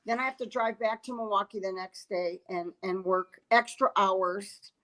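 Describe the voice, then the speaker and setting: A woman's voice: medium pitch, fairly even intonation, normal speed, a bit bright, poor audio. A woman, a comedian telling a story in a casual chat, acting out quotes and laughing often. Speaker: comedian guest.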